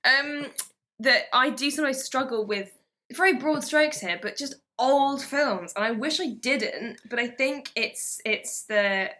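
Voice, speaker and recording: A woman's voice: high-pitched, measured pace, bright, forceful tone. A woman guesting on a film podcast, chatting in a self-deprecating, giggly way. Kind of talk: casual chat.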